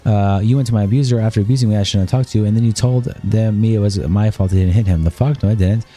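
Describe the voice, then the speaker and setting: A male streamer reading a long exchange of text messages aloud in a rapid, flat delivery. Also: on the low side, faint music behind.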